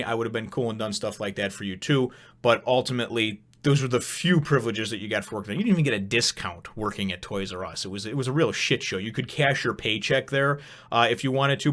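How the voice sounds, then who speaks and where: A man's voice: on the low side, a bit bright. A young man from Chicago telling a long, rambling personal story in a casual vlog, with frequent asides and swearing.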